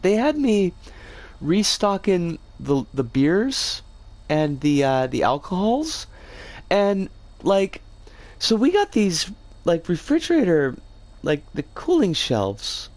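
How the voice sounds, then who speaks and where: A game streamer chatting casually on a livestream, rambling with playful slang, their voice rough and scratchy today. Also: mid-range voice.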